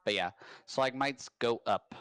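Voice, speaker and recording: A man hosting a casual live-stream trivia game, rambling and upbeat with quick bursts of hype. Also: mid-range voice, fairly bright tone, clean tone, dry recording. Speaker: trivia host. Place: home.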